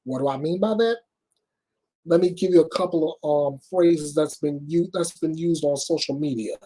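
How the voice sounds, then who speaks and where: A male news host with a husky, somewhat high voice reads crime reports and comments on them bluntly and emphatically. He softens nothing, and his delivery is deliberate.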